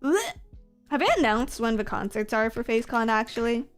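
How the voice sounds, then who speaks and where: A woman's voice: fairly high pitch, steady tone, quick pace, smooth, soft background music. A woman VTuber streamer chatting casually with her viewers, playful and self-mocking, often breaking into giggles. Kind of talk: casual stream chat reading comments.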